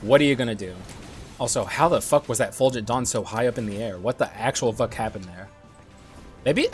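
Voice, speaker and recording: A young man giving casual gameplay commentary, excitable and swearing often, clearing his dry throat now and then. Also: mid-range voice. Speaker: gaming YouTuber.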